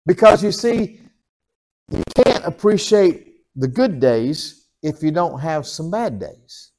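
A man preaching in a folksy, animated way, laughing at himself and calling for amens. His voice sits a little high for a man. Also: slow pace. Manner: folksy, animated preaching with chuckles and call-and-response. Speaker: pastor. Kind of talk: sermon.

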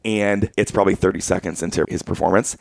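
A man's voice: deep voice, quick pace, vocal fry. A man in his thirties telling a story in casual chat, acting out what people said. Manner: animated storyteller acting out quotes.

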